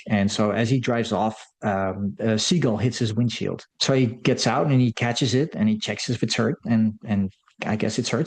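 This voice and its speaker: A man's voice: on the low side, darkish tone. A man giving a loose, rambling recap of a film's plot, full of fillers and restarts. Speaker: film commentator. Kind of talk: casual film recap.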